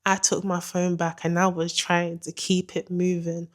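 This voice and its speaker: A young woman telling a dramatic story in an animated, slangy way. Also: on the low side, a little slow. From England. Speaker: vlogger. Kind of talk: storytime narration.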